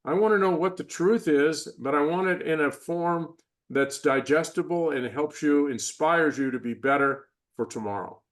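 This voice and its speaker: An older man speaking as a podcast interview guest, reflective and measured, sometimes acting out the voices he describes. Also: fairly high pitch. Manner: reflective, measured, acts out inner and parental voices. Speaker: guest, performance psychologist. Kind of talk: conversational interview.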